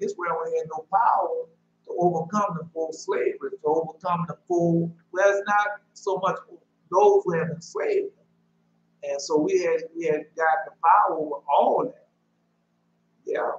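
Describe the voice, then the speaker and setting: A man preaching an informal sermon, reading scripture and breaking into loose, conversational asides. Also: a little high. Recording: echoey, dull lo-fi room recording with faint hum.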